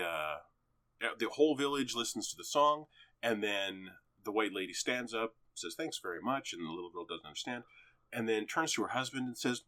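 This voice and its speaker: A man recounts a film's opening in casual talk, cursing freely as he goes. His voice sits low but leaps around in pitch, with loud bursts of excitement. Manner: animated, excitable, profane storytelling. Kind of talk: casual chat, retelling a film.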